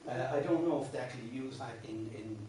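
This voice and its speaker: A man's voice: medium pitch, fast talker, mellow, recorded from a distance, slight background noise. Irish man teaching song in echoey room. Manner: explains patiently, with many restarts, sometimes sings lines. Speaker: singing teacher. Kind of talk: workshop lecture on song. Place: classroom. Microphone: distant room mic. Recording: very echoey classroom, voice off-mic.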